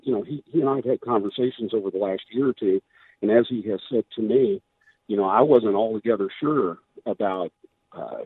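A man's voice: fairly low pitch, husky, no room sound. A man, a candidate for governor, making his case emphatically in a radio interview while losing his voice. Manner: emphatic, persuasive, with many restarts. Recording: tinny phone line, dry.

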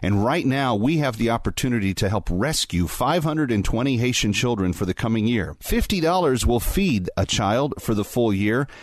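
Male announcer, animated, urgent fundraising pitch. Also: normal speed, few pauses, no echo. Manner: urgent, persuasive. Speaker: charity appeal announcer. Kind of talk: fundraising appeal.

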